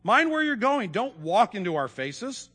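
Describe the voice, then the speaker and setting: A man voicing a surly, hostile male dwarf in a storybook reading during a sermon, his voice pitched up and gruff. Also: expressive, normal speed, fairly bright tone, exaggerated voice. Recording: long hall reverb.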